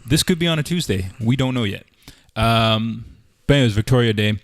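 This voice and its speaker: A man in his thirties from Canada co-hosts a relaxed podcast, chatty and rambling, full of little restarts and "uh"s. His voice sits at an ordinary pitch and comes across dry, with almost no room sound around it. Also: a little fast, no echo. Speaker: podcast co-host. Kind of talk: casual chat.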